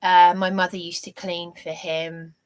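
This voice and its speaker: A middle-aged woman from England speaks slowly in a meandering personal monologue. She stops and restarts often and leans on fillers. When she turns to faith she grows earnest and fervent. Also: fairly low pitch, little pitch movement. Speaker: vlogger.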